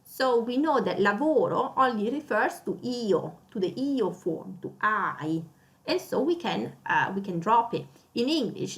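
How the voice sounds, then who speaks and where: A woman's voice: mid-range voice, vocal fry. Woman teaching grammar with an Italian accent. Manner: explanatory, repeats examples with stressed emphasis, frequent uh fillers. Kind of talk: beginner grammar lesson.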